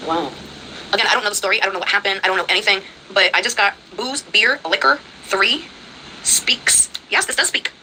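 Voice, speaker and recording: A woman running a spirit box session, excitable and exclaiming as she reacts. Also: mid-range voice, a little fast, a little hiss or hum, rough recording.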